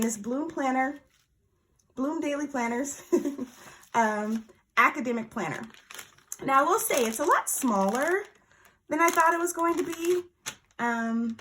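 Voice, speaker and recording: A bubbly woman talks through an unboxing in a relaxed, chatty way. Her voice sits a little higher than most and jumps up when something excites her. She drifts from the mic now and then as she handles things. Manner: bubbly and excitable, gushes over small surprises. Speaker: planner vlogger. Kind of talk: casual unboxing chat.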